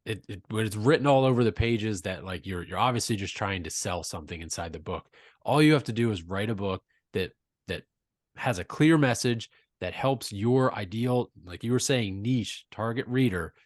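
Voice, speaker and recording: A man's voice: lowish voice, lively intonation, normal speed, dry recording, clean studio sound. A man hosting an interview, speaking in an agreeable, thoughtful way. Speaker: interview host. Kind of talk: casual interview chat.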